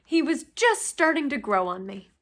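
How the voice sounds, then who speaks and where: A wry schoolboy makes deadpan, joking remarks, read by a woman in her own high voice. The delivery stays plain with no big change of voice. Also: normal speed, exaggerated voice. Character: wry schoolboy, dry humor.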